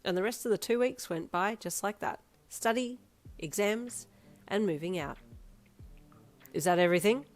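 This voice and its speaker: A woman narrating a second-person fanfiction story in a steady reading voice. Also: mid-range voice, moderate pace. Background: soft instrumental music.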